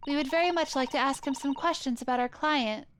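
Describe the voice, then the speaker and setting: A woman's voice: sits high, a little fast, noisy background, pitched above the performer's own voice, close to an everyday voice. A woman voicing an earnest, polite young male lawyer, over game music. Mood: eager.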